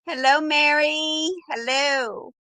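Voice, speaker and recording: A woman's voice: high voice, steady tone, takes it slowly, bright, forceful tone, no echo. A middle-aged woman hosting a casual live sale from home. She chats, laughs a lot and greets viewers by name. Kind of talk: casual live-stream chat.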